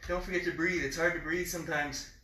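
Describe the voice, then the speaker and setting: Bright-voiced man coaching a workout. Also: fairly high pitch, steady tone, quick pace, slight background noise. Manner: counts and cues moves while exercising, chatty asides. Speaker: fitness trainer. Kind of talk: live online workout coaching. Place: home room. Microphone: camera mic at a distance. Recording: echoey room, voice far from mic.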